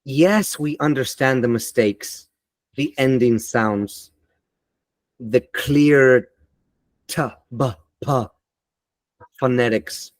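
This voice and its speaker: A man giving an online teaching webinar in a deliberate, emphatic and motivational way, on a computer mic over a video call. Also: medium pitch, dry recording.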